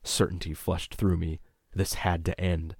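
A man narrating a tense first-person story in a measured, scripted reading. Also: low voice, flat delivery, creaky, breathy edge, dry recording, clean studio sound. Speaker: audiobook narrator.

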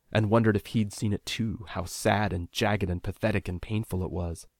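Deep gravelly male audiobook narrator. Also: a little mellow, no room sound, clean studio sound. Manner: measured, introspective storytelling. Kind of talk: first-person audiobook narration.

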